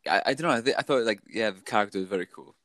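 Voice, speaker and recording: A man's voice: on the low side, very fast, a bit bright, dry recording. A man co-hosting a podcast, reviewing films in casual chat, thoughtful and hesitant with many fillers. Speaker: podcast co-host.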